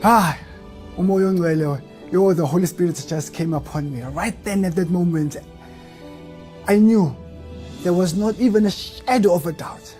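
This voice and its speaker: Over soft background music, a high-voiced man delivers his church testimony a little fast, with few pauses and a mellow tone. His earnest, emotional telling is marked by a heavy stutter on the opening syllables of words and swells into fervent outbursts.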